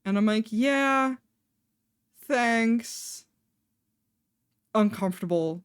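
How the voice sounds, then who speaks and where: A woman's voice: high voice, very slow, pauses often, clean tone, dry recording, studio quality. A young adult woman streamer telling a personal story in a chatty way, full of fillers and laughing between lines. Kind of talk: casual storytelling on a live stream.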